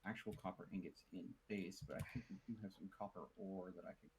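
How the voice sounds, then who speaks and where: A man's voice: low voice, fairly even intonation, fast talker, a little hiss or hum, poor audio. A man hosting a multiplayer game session, instructing his teammates on what to build. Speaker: host organizing the team.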